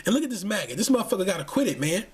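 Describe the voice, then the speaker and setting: A man's voice: high-pitched, sing-song, rapid-fire. A man giving a heated, profane ranting commentary, often stumbling over repeated restarts. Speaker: channel host.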